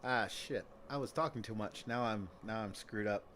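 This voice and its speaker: A man's voice: fairly low pitch, moderate pace, a bit bright, slight background noise. Rambling, jokey male game streamer. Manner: rambling, jokey, swears, chants and talks to chat. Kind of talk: casual gaming stream chat.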